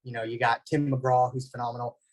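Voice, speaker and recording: A man, giving an animated storytelling talk as a guest speaker over a video call. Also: medium pitch, fairly quick, rough recording. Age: 20s. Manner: animated, anecdotal.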